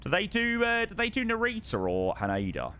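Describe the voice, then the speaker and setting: A man streaming live over a flight simulator, effusive and excitable, thanking his chat again and again. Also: sits high, fairly quick, a little hiss or hum. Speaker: livestreamer.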